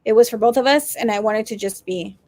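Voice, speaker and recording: A woman's voice: fairly high pitch, a little fast, a little mellow, dry recording. A woman co-hosting a casual teachers' talk stream, chatty, often reading out viewer comments. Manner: chatty, reads comments aloud. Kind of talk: casual chat.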